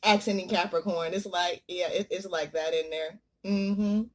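A woman vlogger talking casually while she eats, joking and swinging from loud exclamations to low murmurs. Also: fairly even intonation, moderate pace. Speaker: mukbang vlogger. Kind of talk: casual chat while eating.

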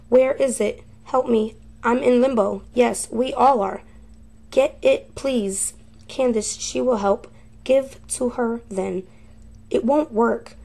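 A woman host talks to her viewers at an unhurried pace, her voice gravelly with fry. Her tone is dark and mellow, and she reads out short phrases one by one in a halting way. It sounds like casual talk to an online audience. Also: fairly high pitch. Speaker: paranormal video host. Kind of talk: casual talk to viewers, reading out recorded words.

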